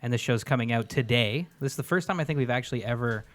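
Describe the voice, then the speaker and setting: A man's voice: mid-range voice, fairly bright tone. A man from Canada hosting a podcast in upbeat casual chat, recorded at an outdoor pavilion at a resort. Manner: upbeat, quick-talking. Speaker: podcast host.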